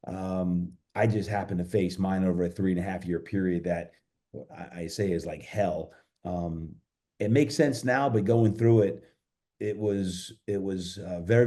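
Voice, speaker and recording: A man with a fairly low, dark and mellow voice, speaking as a guest on a podcast. He tells a personal story earnestly and reflectively. He often pauses on fillers and restarts his sentences. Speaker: podcast guest, fitness coach.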